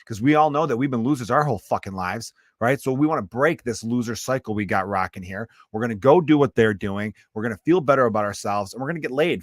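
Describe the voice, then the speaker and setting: A man's voice: mid-range voice, fast, few pauses, no echo, clean studio sound. A man hosting his own podcast, a stand-up comedian ranting casually and bluntly, swearing freely, with a lingering cough. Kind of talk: casual profane rant.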